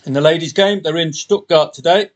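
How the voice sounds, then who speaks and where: A man hosting a solo podcast, talking through the day's matches in a casual, rambling way with jokey asides and quick self-corrections. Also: fairly high pitch. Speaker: podcast host and betting tipster.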